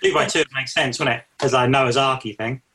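Husky man chatting about films. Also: mid-range voice, steady tone, fairly quick, sharp tone. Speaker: podcast co-host. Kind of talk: casual chat.

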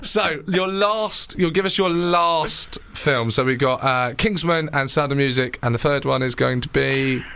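A man's voice: a little high, vocal fry, noisy background. A man hosting a podcast in casual, joking chat. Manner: chatty, jokey, quick back-and-forth. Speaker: podcast host.

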